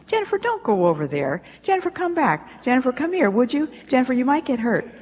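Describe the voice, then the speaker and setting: Lady doing a frazzled young mom calling her kid over and over, high and loud, echoey hall. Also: very animated, fast. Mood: exasperated. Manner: pleading, repetitive, shrill. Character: exasperated young mother nagging her toddler. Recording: echoey hall, faint hiss.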